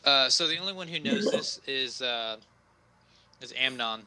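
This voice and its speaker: A male game master narrates a tabletop game in a relaxed, halting way, full of fillers. His voice is very bright and forceful and sits at an ordinary pitch. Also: clear, resonant tone, rough recording.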